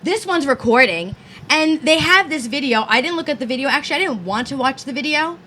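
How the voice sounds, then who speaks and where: Casting: bright, higher-pitched woman, blunt, swears freely, light background hiss. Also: animated, fairly quick. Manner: blunt, profane storytelling. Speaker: podcast co-host. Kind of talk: casual chat.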